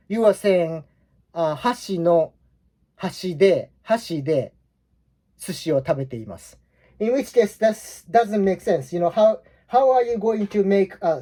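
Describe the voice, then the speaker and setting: A man's voice: high-pitched, mellow. A man in his forties with a Japanese accent, teaching a language lesson in a loose, rambling way full of fillers and restarts. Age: 40s. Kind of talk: casual explanatory lesson.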